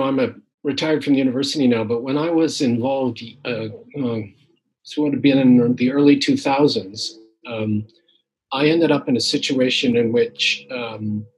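A man's voice: mid-range voice, a little mellow, slightly rough, poor audio. A man in his sixties, a retired academic poet, telling his story in casual conversation with many fillers and restarts. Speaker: guest poet. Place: home, tree shredding outside.

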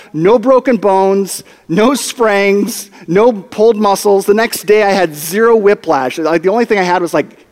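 High-voiced animated preacher in a hall. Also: male voice. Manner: animated, comic storytelling with acted-out quotes. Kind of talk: storytelling sermon. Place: church hall. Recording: long hall reverb.

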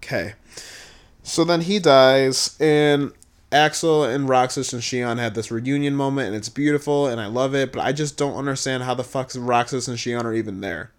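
A man giving a casual, profane recap, blunt and exasperated, swinging between low muttering and loud outbursts. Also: normal speed, clean tone. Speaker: video creator reviewing a game.

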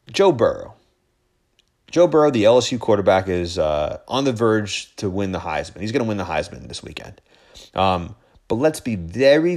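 A man in his thirties hosting a casual sports podcast, rambling with many restarts and growing heated as he tells a story. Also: on the low side. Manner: rambling, frequent restarts and fillers, gets heated. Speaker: podcast host.

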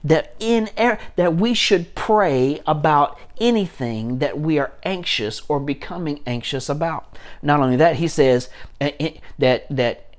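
A man's voice: on the high side, a little slow. A man, a pastor, preaching a sermon with emphatic repetition and frequent restarts.

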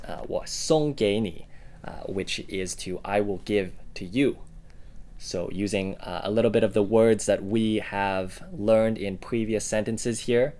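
A man co-hosting a casual lesson podcast, giving example words in a relaxed way with plenty of "uh" and "um". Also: fairly low pitch. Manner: relaxed, with frequent "uh" and "um".

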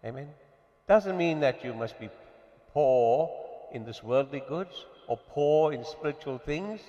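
A man preaching a sermon to a congregation, swinging between emphatic bursts and quieter passages. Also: fairly high pitch, animated, a little slow. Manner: rising and falling with emphatic bursts. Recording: dull reverberant hall recording.

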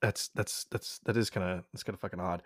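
A man's voice: low-pitched, steady tone, a little fast, no echo, studio quality. A man telling a long story in casual chat, swearing freely and rambling with lots of restarts. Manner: profane, rambling, full of restarts.

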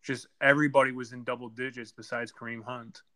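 A man recaps the week's fantasy football matchups in loose, casual chat. His voice is bright and forceful, and his talk is blunt and full of cheerful trash talk. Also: medium pitch, little pitch movement, fairly quick. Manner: blunt, trash-talking, laughs easily. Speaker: podcast co-host.

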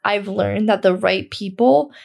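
A woman's voice: mid-range voice, unhurried, gravelly, a little mellow. A young woman hosting a self-help podcast. She talks casually and candidly, swears freely and says "like" constantly. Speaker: podcast host.

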